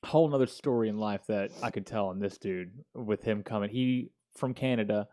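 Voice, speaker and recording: A man in his thirties hosting a casual talk show, telling a story in an animated, slangy way. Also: on the low side, moderate pace. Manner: slangy, animated, peppered with "dude" and "yo". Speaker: podcast host.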